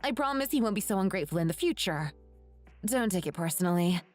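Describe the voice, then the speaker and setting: A woman voicing an indignant young wife in an animated story, scolding in a shocked way. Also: mid-range voice, fast, soft background music, lightly acted. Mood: apologetic.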